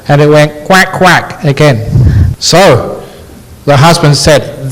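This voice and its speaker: A man, a Buddhist monk, giving a dharma talk with slow, gently humorous storytelling in a university lecture hall. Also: a little high.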